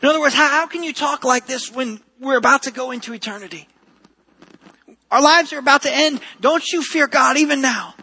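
A man's voice: very high-pitched, brisk, bright, forceful tone, low-quality recording. A man preaching a sermon to a church congregation, earnest and repeating key phrases for emphasis. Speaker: pastor.

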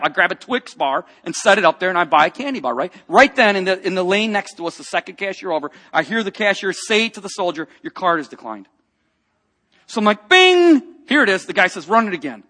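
A man preaching a personal testimony, telling a story with lively acted-out quotes and dropping to a hush for tender moments. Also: high voice. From grew up in a rough biker family.

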